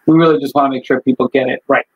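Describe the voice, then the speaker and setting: A man, an attorney, speaking as a guest on a video call in a casual interview, animated when telling a story. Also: medium pitch, rapid-fire, breathy edge, narrow, tinny audio. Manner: animated storyteller, acts out voices in jokes. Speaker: estate planning attorney, guest. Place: law office.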